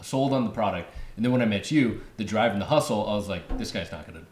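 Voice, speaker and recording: A man's voice: lowish voice, animated, quick pace, a little mellow, roomy sound, slight background noise. A man hosting a podcast, talking in a laid-back, jokey way. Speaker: podcast host. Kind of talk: casual chat.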